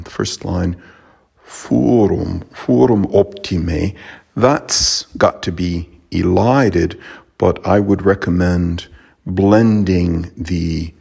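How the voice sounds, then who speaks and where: A man teaching Latin pronunciation, slow and careful, pausing often with fillers. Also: deep voice, vocal fry, a little mellow, breathy edge.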